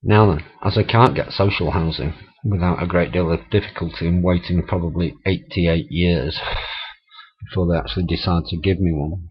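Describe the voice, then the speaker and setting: A man's voice: low-pitched, fairly even intonation, normal speed, slightly rough. A middle-aged man, telling stories in a chatty, laughing, swearing vlog monologue. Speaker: vlogger. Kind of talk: casual storytelling monologue. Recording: dull lo-fi camera audio.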